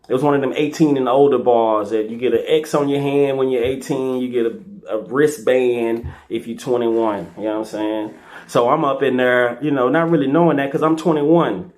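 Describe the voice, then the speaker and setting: A middle-aged man hosting his own video series, telling personal stories in a loose, animated way. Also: medium pitch, normal speed. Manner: loose and animated, fillers like "you know what I'm saying". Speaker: host of a karaoke video series. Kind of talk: casual personal storytelling.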